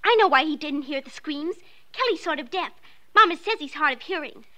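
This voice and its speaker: A woman's voice: high-pitched, expressive, fairly quick, pushed and bright. A woman playing a determined, earnest little girl in a 1940s radio drama. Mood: insistent.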